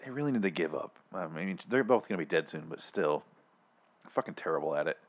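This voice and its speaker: A man's voice: low-pitched, a little fast. A man hosting a casual podcast chat, retelling a scene with lots of swearing and laughter. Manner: profane, laughing, animated storytelling. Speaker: podcast host.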